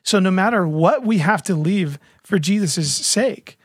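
A man's voice: high voice, lively intonation, measured pace, breathy edge, no room sound, studio quality. A man talking earnestly in a casual faith discussion, retelling a story with lots of fillers and restarts.

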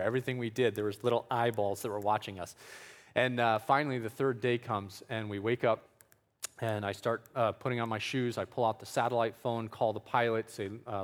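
A man's voice: fairly low pitch, big-room sound. A man telling a story from his missionary work in a loose, conversational way, with fillers and small chuckles. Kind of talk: storytelling talk.

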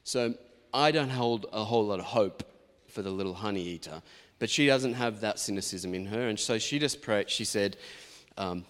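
A man's voice: fairly low pitch, moderate pace, fairly bright tone. A man in his forties, a pastor giving a sermon in a chatty, anecdotal storytelling manner. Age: 40s. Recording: long reverb of a large hall.

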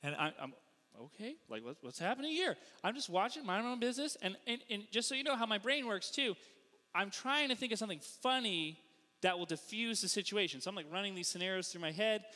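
A man from the Northeastern US delivers a sermon as a playful, self-deprecating storyteller. His voice sits high and bright and leaps all over the place. The sound carries the long reverb of a church hall. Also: lively intonation, quick pace.

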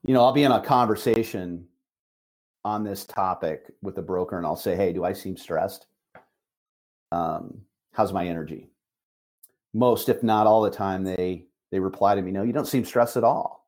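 A middle-aged man, a managing broker, giving an emphatic motivational talk on a call, repeating key phrases with slow, deliberate stress. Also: sits low, a little mellow.

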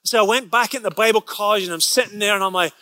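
A man's voice: high voice, fast, no room sound. A man preaching a sermon, telling a personal story, often repeating words as he builds, and acting out what people said. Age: adult, past college age. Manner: storytelling, repeats words when excited, acts out quotes.

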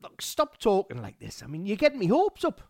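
A man's voice: sits high, huge pitch swings, a little fast, creaky, no room sound, clean studio sound, exaggerated voice. A man playing a skinny, teasing drinking pal in a comedy audio play. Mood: cheeky. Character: skinny British drinking pal, easily tempted. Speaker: pub regular.

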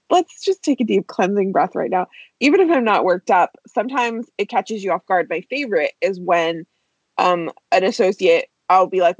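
A woman co-hosting a podcast in casual chat, chatty and quick to laugh. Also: mid-range voice, dry recording, dull audio. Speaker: podcast co-host, practice manager.

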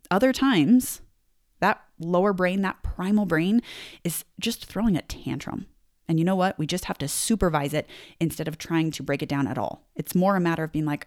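A young woman talks through a self-help lesson in a casual, reflective way, slipping into little acted-out inner voices. Her voice sits a touch low for a woman. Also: a little mellow. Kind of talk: podcast-style self-help talk.

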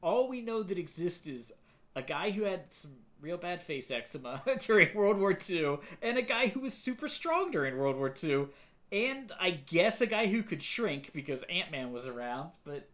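Lively, bright-voiced podcast co-host. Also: mid-range voice, normal speed. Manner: animated, swears, acts out lines from the film. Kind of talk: casual movie-review chat.

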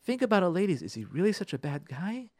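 A fast-talking man with a high-pitched yet darkish voice tells a relationship story on the radio, doling out marriage advice. Very animated, he repeats phrases for emphasis and speaks directly to listeners; there's no room sound.

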